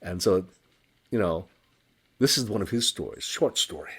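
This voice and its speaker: Male storyteller, husky and animated, spins a ghost tale with suspenseful hushes. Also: low voice, moderate pace, pauses often. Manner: dramatic, drops to hushed whispers for suspense. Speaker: storyteller guest. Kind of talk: oral storytelling.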